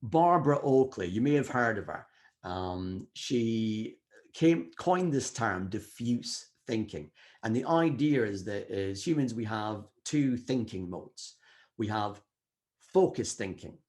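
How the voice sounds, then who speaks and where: A middle-aged man giving an energetic motivational talk at a wellbeing summit, acting out quoted inner voices. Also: on the low side, slow.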